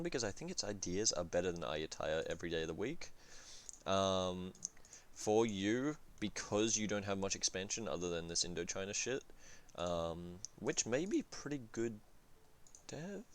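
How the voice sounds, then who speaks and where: A man casually reviewing a strategy game campaign, rambling and swearing, with lots of fillers and restarts. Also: low voice. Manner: rambling, profane, full of fillers and self-corrections.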